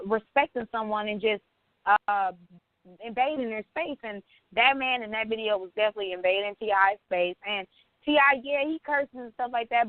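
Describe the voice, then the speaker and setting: A woman's voice: fairly high pitch, no room sound. Chatty woman on a dry phone line. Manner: chatty, opinionated, laughs often. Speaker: podcast co-host. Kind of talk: casual podcast chat.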